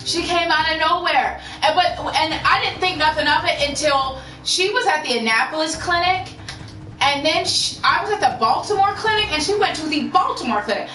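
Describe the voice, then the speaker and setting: Woman streamer, frank and candid, cursing casually, fairly high bright voice, distant mic in a roomy space. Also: normal speed. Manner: candid, frank, swears freely. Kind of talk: casual storytelling to a live chat. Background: faint music.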